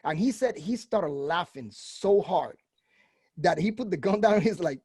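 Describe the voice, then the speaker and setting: Animated storytelling man, dry sound. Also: high voice, moderate pace, slightly rough, no room sound. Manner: animated storyteller, acts out quotes. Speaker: podcast host, veteran. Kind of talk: casual conversation, storytelling.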